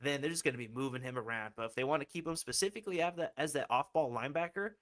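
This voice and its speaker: A man's voice: mid-range voice, very fast, fairly bright tone. A young man hosting a casual football fan livestream, talking loosely with slang and the odd swear word. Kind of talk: casual live-stream chat.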